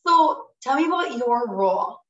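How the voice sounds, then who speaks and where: A woman's voice: high-pitched, lively intonation, normal speed, fairly bright tone, reverberant, recorded from a distance, lo-fi sound. A woman hosting a faith-centered podcast, upbeat and chatty, who is losing her voice. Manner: upbeat, chatty, many fillers. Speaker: podcast host. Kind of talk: casual podcast interview.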